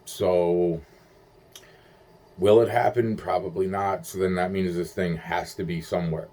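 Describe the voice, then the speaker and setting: A man's voice: low voice, fairly even intonation, a little slow, mellow, slight background noise. A young man rambling in a profane monologue, stumbling through restarts and acting out quoted voices.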